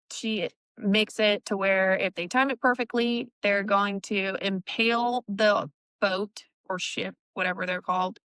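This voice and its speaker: A woman's voice: medium pitch, fairly bright tone, clean tone, no echo, low-quality recording. A woman co-hosting a casual book discussion, recapping chapters in a chatty way with laughs and fillers. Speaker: book podcast co-host.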